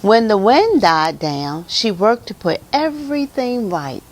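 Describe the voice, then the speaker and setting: A woman's voice: mid-range voice, big pitch swings, unhurried, a little hiss or hum. A woman librarian reading picture books aloud at a children's storytime, with gasps, laughs and animal sounds.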